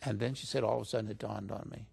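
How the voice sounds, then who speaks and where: Gravelly-voiced man telling a story. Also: lowish voice, racing. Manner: animated storytelling, raises his voice to quote others. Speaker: interview guest recounting stories. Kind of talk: casual storytelling interview.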